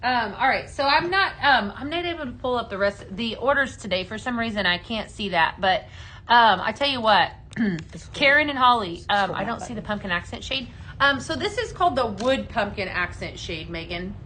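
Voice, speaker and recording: A woman with a bright, forceful voice, pitched a little high, hosts a live shopping show from a studio set. Her delivery is upbeat and chatty as she demos products and calls out viewers by name. Faint noise sits behind her. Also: lively intonation, moderate pace, rough recording. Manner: chatty and upbeat, selling, reading viewer comments aloud. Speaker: host of a live home fragrance sales show. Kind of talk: live on-air product demo chat. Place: studio set under hot lights.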